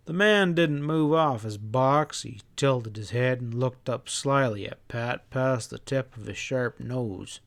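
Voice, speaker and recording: A male audiobook narrator reading at an unhurried, slow pace. His tone is smooth and resonant, and each line comes out steady and measured. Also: medium pitch.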